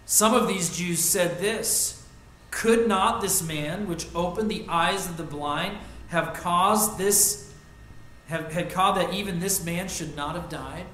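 A middle-aged male pastor preaching a sermon, earnest, rising loud on lists and dropping soft for personal stories. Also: sits high, slow, slight background noise. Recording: echoey church room.

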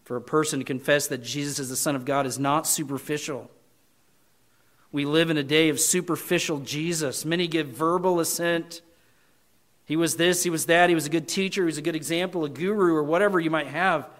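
A man with a fairly high voice, preaching a sermon from the pulpit. He drives his points home with loud emphasis, then drops to a quiet, earnest appeal. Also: steady tone, a little fast. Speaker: pastor.

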